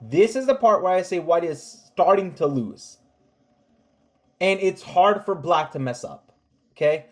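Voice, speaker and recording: Chess recap host, mid-pitched, sarcastic, scolding, reads move lists fast. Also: animated. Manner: sarcastic, scolding the players with rhetorical questions; calls out moves in rapid lists. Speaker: chess commentator. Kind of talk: chess game recap commentary.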